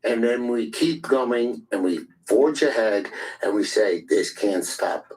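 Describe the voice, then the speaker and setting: A man's voice: on the low side, slow pace, darkish tone, poor audio. A man in a heated online voice chat, angry and defiant, swearing often and repeating himself. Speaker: Twitter space participant.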